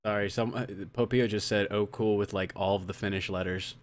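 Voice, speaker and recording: A man's voice: fairly low pitch, fairly even intonation, brisk. A man hosting a casual live show, reading viewer comments and laughing often. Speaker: host reading chat. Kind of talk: casual podcast chat.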